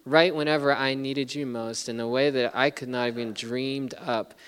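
A man's voice: medium pitch, fairly even intonation, normal speed, clean tone. A middle-aged man preaching a sermon, telling a story earnestly with many restarts. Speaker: pastor. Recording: long reverb of a large hall.

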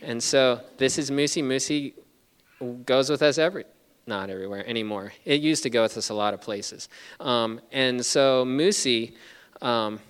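A man's voice: mid-range voice, normal speed, a bit bright, clean tone. A middle-aged man preaching a sermon, telling a story earnestly with many restarts. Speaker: pastor. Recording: long reverb of a large hall.

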